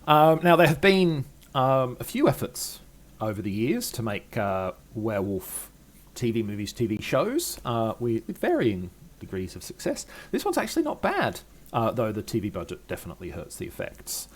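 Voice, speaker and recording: A man's voice: medium pitch, wildly swooping pitch, normal speed. An older man giving a chatty, wry film review, full of ums and uhs. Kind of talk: casual film review monologue.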